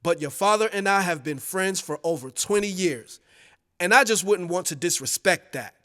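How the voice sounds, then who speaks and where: A man voicing a calm, businesslike record executive. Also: sits high, moderate pace, big-room sound.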